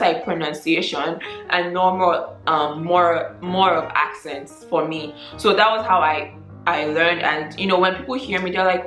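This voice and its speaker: Chatty Nigerian woman in an echoey room. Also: fairly low pitch. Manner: chatty, frequent ums, animated mock quotes. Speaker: vlogger. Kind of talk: casual chat to camera.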